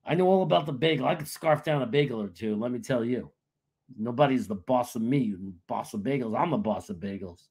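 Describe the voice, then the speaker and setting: A man's voice: medium pitch, animated, fairly quick, darkish tone, slightly rough. A man hosting a casual sports live stream, boastful and joking, laughing often. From New York. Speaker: sports show host.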